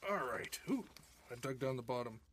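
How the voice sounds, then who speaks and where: A man's voice: medium pitch, expressive, moderate pace, background noise. A man co-hosting a casual podcast, rambling and joking, telling old puns and chuckling at them. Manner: rambling, jokey, laughs at his own puns. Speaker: podcast co-host. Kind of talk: casual chat.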